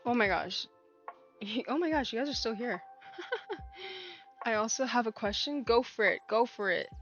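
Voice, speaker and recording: A woman's voice: a little high, big pitch swings, normal speed, a bit bright. A young woman livestreaming, chatting casually and telling a story with many fillers and restarts. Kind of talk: casual chat. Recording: dull lo-fi stream audio with faint music.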